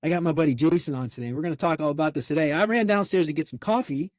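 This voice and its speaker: A fast-talking man hosting a podcast with an upbeat, gushing energy, his voice sitting a bit high for a man. The sound is close and dry, with no room around it. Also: no room sound. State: out of breath. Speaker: podcast host. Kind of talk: casual podcast chat.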